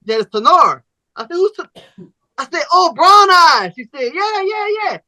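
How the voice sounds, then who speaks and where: Man, podcast host, bright tense tone, dry close sound, animated, profane storytelling. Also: extremely high pitch, normal speed, no echo. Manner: animated, profane storyteller, acts out both sides of conversations. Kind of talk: casual storytelling chat.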